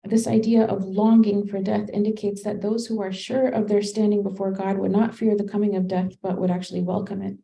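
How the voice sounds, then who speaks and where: A woman with a very dark, mellow tone and a gravelly edge leads a Qur'an study class. She talks it through like a conversation, pausing on fillers and restarting her sentences as she thinks aloud. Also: mid-range voice, level tone, low-quality recording. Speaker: religious teacher.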